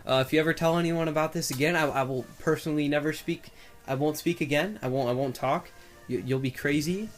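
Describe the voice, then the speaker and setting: A man's voice: a little high, fast, faint music behind, close to an everyday voice. A man voicing a foul-mouthed, menacing talking male car that rants and stammers through threats. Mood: threatening.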